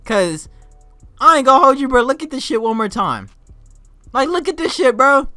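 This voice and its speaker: A young man with a high, bright voice tells a story in a loose vlog rant. He is excitable and profane, and he keeps jumping into shouts. The sound is close and dry. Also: normal speed, no echo, soft background music. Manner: excitable, swears often, bursts into shouts and laughter. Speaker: vlogger.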